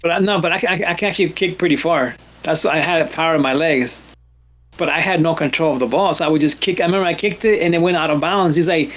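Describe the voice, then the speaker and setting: A man's voice: fairly high pitch, brisk, dull audio. A man hosting a casual stream, animatedly telling funny stories and acting out his friends' lines. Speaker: stream host. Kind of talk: casual storytelling.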